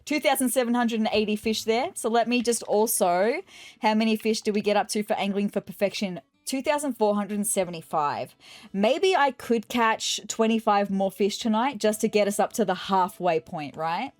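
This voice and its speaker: A woman giving casual let's-play commentary, excitable and gushing, with apologetic asides. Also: mid-range voice, moderate pace, no room sound, soft background music. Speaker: gaming video host.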